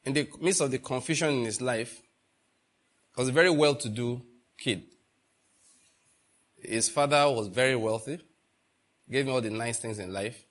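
A man's voice: mid-range voice, moderate pace, long pauses, fairly bright tone. A man preaching a sermon, asking the congregation rhetorical questions and repeating phrases for emphasis.

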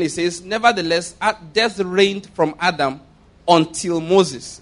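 A middle-aged man preaching a sermon, reading scripture slowly and with heavy emphasis. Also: a little high.

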